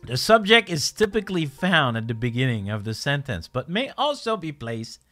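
A man's voice: fairly high pitch, big pitch swings, normal speed, fairly bright tone, faint music behind. A man giving casual, joking commentary while playing a language-learning game, laughing often.

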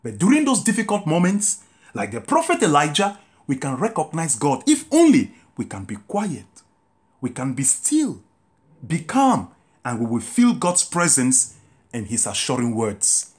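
A man, a Catholic priest preaching a meditative sermon with drawn-out, emphatic phrases. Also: fairly high pitch, wildly swooping pitch.

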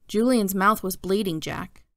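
A steady, serious school principal, as a woman reading a storybook puts him on, speaks patiently and in measured phrases. The voice carries a light gravelly edge. The sound is dry and close. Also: medium pitch, no echo. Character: fussy, calm male school principal.

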